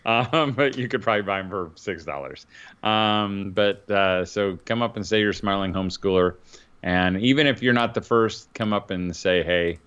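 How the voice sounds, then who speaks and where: A tired middle-aged man from northern Indiana, a father who co-hosts a podcast, rambles through casual chat with plenty of fillers. His voice sits lowish, with a fairly bright, clean tone. The recording itself sounds dull and lo-fi.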